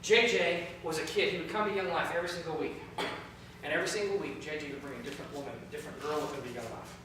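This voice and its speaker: A man who leads a youth ministry, giving a storytelling training talk, lively and often repeating words as he searches for them. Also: fairly high pitch, very fast, recorded from a distance, slight background noise. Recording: echoey room, voice from afar.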